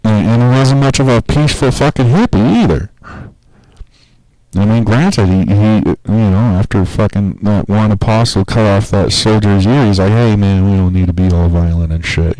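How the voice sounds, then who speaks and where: A man talking casually on a podcast in a rambling, profane, animated way. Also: lowish voice, no echo, rough recording. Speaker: podcast host.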